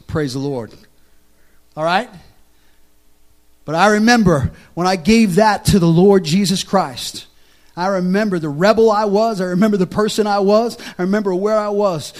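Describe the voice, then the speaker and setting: In a high-pitched voice, a man preaches a sermon built around his own testimony and keeps asking the congregation questions. He swings from loud, excited storytelling to hushed, soft confession.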